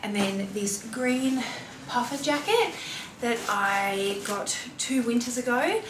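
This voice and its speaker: A fairly high-pitched woman speaks slowly against a noisy background. She's an Australian mom in her thirties who vlogs about fashion, chatting casually and confessionally from the heart, with frequent fillers. The recording has roomy echo and faint ambience from a distant mic.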